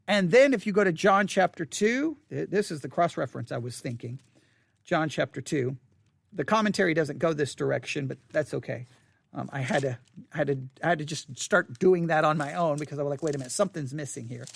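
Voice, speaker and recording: High-voiced man teaching the Bible. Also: lively intonation, a little fast, vocal fry, fairly bright tone, no echo. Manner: thinking aloud, with restarts and stammers. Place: seated at a desk.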